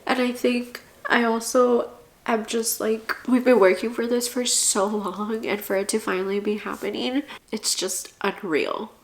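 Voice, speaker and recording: A woman's voice: mid-range voice, fairly even intonation, normal speed, hardly any pauses, a little hiss or hum. A young woman talking to the camera in a casual home-buying vlog, earnest and rambling, at times tearful. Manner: earnest, rambling, restarts often. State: tearful, emotional. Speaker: vlogger.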